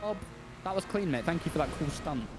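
A young man in casual gaming banter, excitable and quick to complain or yelp. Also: fairly high pitch. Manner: excitable, yelps and complains mid-game. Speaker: gamer. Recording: game music in the background.

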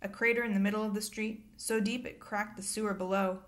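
A woman's voice: mid-range voice, fairly even intonation, brisk, close to an everyday voice. A woman reading aloud and voicing a middle-aged male government minister who sounds pompous and shaken. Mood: solemn.

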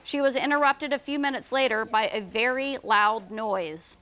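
Brief: woman author, high voice, reads her kids' book aloud at a bookstore, lively and chatty. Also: moderate pace. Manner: lively, storytelling with fillers. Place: bookstore event.

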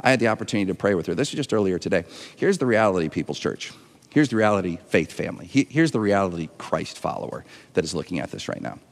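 A man's voice: sits low, very animated, quick pace, in a large hall. A man preaching a sermon to an online audience, earnest and emotional, often restarting and repeating words. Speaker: pastor. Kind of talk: livestreamed sermon.

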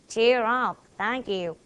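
Slow, careful Korean-accented woman. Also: fairly high pitch, fairly bright tone, smooth, muffled recording. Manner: plays both sides of each dialogue, deliberate and careful. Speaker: student presenter. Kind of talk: reciting memorized English dialogues.

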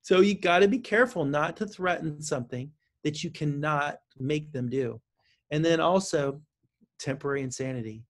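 Animated man, fairly high voice. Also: moderate pace. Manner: animated, acts out parent and child lines, frequent restarts. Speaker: counselor and author. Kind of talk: interview guest explaining parenting advice.

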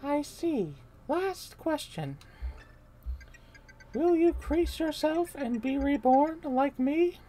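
A woman voicing a cold, grand, possessed princess who speaks slowly and solemnly. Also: sits high, lively intonation, dark tone, voice pushed up. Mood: eerie. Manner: slow, drawn-out, solemn questioning.

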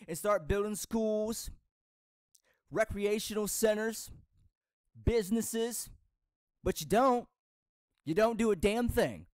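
Heated high-voiced man ranting. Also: a little mellow, no echo, studio quality. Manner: frustrated, heated, lecturing. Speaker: vlogger. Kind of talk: ranting video commentary.

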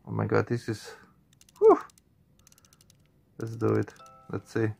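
Gravelly-voiced nervous gaming commentator man. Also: lowish voice, completely flat delivery, slow, darkish tone, soft background music. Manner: jumpy, swears often, keeps saying man and guys. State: nervous, on edge. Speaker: gaming channel host. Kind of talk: horror game reaction commentary.

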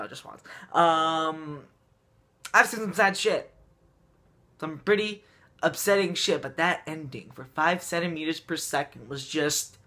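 A man's voice: a little high, bright, forceful tone. A young man talking casually to camera in a vlog, rambling with restarts and fillers as he reviews anime. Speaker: anime vlogger.

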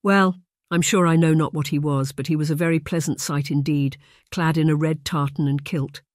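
A narrator voicing a polite, curious young lady who speaks gently in formal, old-fashioned phrasing. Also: mid-range voice, steady tone, normal speed, no room sound, clean studio sound, lightly acted. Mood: earnest.

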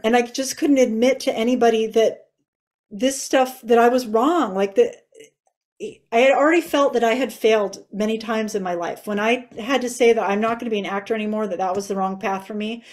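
A woman's voice: mid-range voice, darkish tone. A woman in her forties sharing a personal faith testimony in an interview, earnest and emotional. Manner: earnest and emotional, tearful at times.

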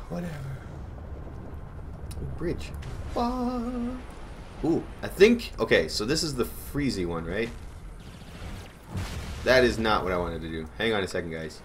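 A man's voice: low-pitched, animated, normal speed, pauses often, a little hiss or hum. A man giving goofy, rambling gameplay commentary and talking to himself as he plays. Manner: goofy, rambling, talks to himself while playing. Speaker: gaming channel host.

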